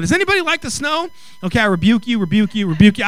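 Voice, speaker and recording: A middle-aged male pastor preaching a sermon with comic storytelling, animated and acting out dialogue. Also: very high-pitched, quick pace, dry recording, soft background music, low-quality recording. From Mexican heritage. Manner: animated, acts out quoted dialogue, rising to exclaim.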